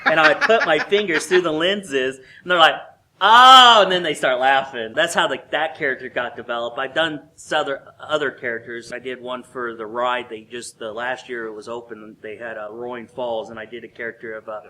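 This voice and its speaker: A man being interviewed about his old theme park job, telling stories in an animated way, often laughing and acting out what people said to him. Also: mid-range voice, brisk, few pauses, slight background noise. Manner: animated, laughs often and acts out quoted guests. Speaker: interview guest, former theme park worker. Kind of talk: casual storytelling interview.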